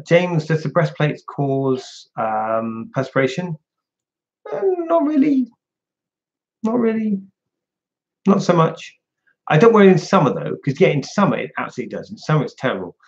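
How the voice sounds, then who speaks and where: A man's voice: fairly high pitch, highs cut off. A man hosting a casual livestream, chatting and answering viewers' questions one by one. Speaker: livestream host.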